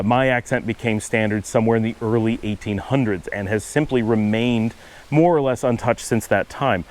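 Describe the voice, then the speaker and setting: An American man with a Northern US accent talks outdoors into a handheld camera, explaining things thoughtfully with frequent restarts. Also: medium pitch. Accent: Northern US, Cleveland-Buffalo area. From United States. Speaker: vlogger. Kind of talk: casual explanatory monologue.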